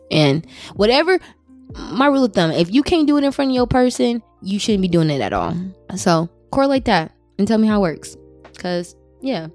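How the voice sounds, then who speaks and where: A woman hosting a podcast and giving advice in a blunt, profane, casual way. She often jumps up into high squeaky tones. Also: darkish tone. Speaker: podcast host.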